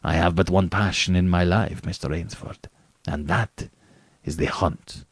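Guy doing a smooth creepy aristocrat hunter, low and slow, dry close sound. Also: steady tone, no room sound. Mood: suave. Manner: slow, measured, courtly. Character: suave, menacing aristocratic male hunter. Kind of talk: audiobook reading.

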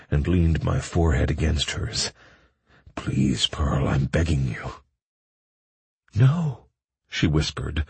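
A young man narrates an audiobook in an extremely deep, gravelly voice with a husky, breathy grain. He reads slowly and evenly. The sound is close and dry, with no room around it. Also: no room sound. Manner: slow, low-key first-person reading.

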